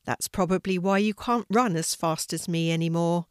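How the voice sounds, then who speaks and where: A woman's voice: lowish voice, moderate pace, clean tone, no echo, clean studio sound, natural voice. A woman doing a mean, bossy squirrel brother. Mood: scolding. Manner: sharp, scolding.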